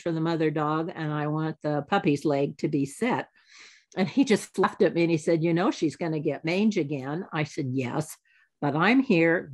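A woman in her seventies giving a talk, telling lively anecdotes and acting out the exchanges she quotes. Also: deep voice. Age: 70s. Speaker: alumni speaker. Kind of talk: storytelling talk.

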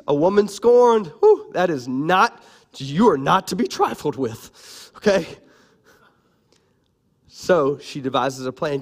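Male pastor, higher-pitched, playful and animated sermon delivery, calls on the crowd. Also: a little slow.

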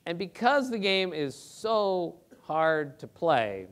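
A middle-aged man, a sports reporter, telling lively anecdotes to a theater audience in quick, emphatic bursts. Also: fairly high pitch. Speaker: sports reporter giving a talk. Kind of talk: anecdotal storytelling presentation. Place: theater auditorium.

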